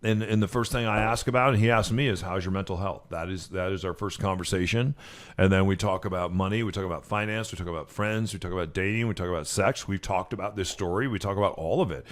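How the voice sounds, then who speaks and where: A man's voice: low-pitched, fast talker. Male co-host, easygoing studio chat, rambles and backtracks. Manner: rambling, stops and restarts often. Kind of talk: casual talk radio chat.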